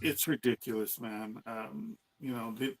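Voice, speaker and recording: A man's voice: medium pitch, a little slow, vocal fry, rough recording. A man co-hosting a podcast, chatting casually and bluntly, cursing as he rants. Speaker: podcast co-host. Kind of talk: casual chat.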